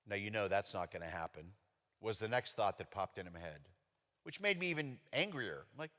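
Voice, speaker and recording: A middle-aged male pastor preaching a sermon in a chatty storytelling way, with sudden animated outbursts. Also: fairly low pitch, moderate pace. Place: church sanctuary. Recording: long reverb of a church hall.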